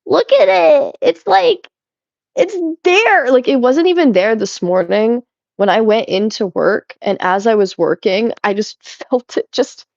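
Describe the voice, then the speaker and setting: Young female streamer, animated and giggly, a touch high; dry, slightly lo-fi close mic. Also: a little slow, gravelly, no room sound. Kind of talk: casual chat reading chat while cleaning.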